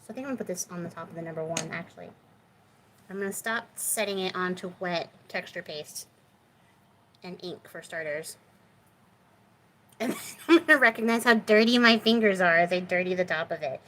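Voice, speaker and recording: A woman's voice: fairly low pitch, a little fast, pauses often, a bit bright, slight background noise, rough recording. A woman hosting a crafting video, chatting casually and with self-deprecating humor as she works in her home craft room. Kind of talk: casual crafting chat while working.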